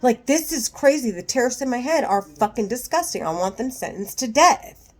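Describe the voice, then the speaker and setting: A woman's voice: on the high side, animated, darkish tone. Agitated, profane woman ranting to camera. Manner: angry, profane, halting with restarts. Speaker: vlogger. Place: at home.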